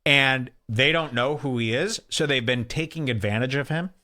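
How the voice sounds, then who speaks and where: A man hosting a talk show, telling a wild story in an excitable, profane way and acting out the quotes. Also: moderate pace. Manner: excitable, profane, acts out quotes with big pitch jumps. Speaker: podcast host. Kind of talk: animated storytelling.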